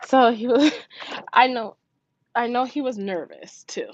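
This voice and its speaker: A woman telling a long story about her morning in an animated, chatty way, swearing freely and acting out what others said in a raised voice. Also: a little slow. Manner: acts out quoted voices in raised pitch. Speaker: budgeting vlogger, mother. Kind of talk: casual storytelling to camera. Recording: dull lo-fi sound with faint noise.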